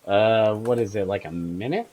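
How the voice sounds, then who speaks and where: A man's voice: lowish voice, moderate pace, a crowd in the background. A man chatting casually as a tabletop game player, hesitant and prone to restarting his sentences.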